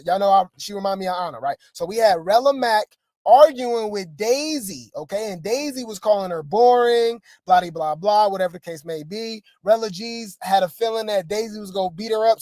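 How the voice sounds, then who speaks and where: A man's voice: high voice, moderate pace, warm tone, no echo. A man hosting casual gossip commentary on reality TV, rambling with fillers and asides to his viewers. The recording is dry and close, with no room sound.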